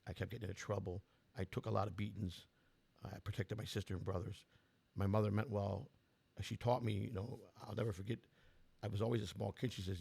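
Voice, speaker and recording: A man's voice: on the low side, steady tone, quick pace, darkish tone. A man in his sixties with a strained voice, telling his life story in a blunt, rambling way with many restarts. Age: 60s. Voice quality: gravelly. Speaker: political candidate. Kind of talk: personal storytelling.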